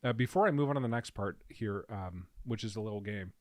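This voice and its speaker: A man co-hosting a casual podcast chat, explaining at length and reading quotes aloud slowly. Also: lowish voice, darkish tone, dry recording, studio quality. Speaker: podcast co-host. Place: podcast recording room.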